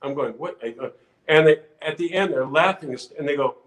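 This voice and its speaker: An older man, a podcast guest, telling a lively anecdote in casual chat, full of restarts and acted-out quotes. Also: on the high side, fairly quick, roomy sound, poor audio. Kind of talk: casual storytelling.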